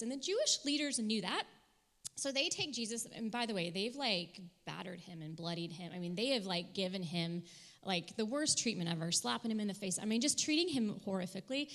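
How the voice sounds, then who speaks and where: Bright-voiced woman preaching casually. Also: fairly high pitch. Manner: conversational storytelling, acts out characters in quotes. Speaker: pastor. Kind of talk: casual sermon. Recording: long hall reverb.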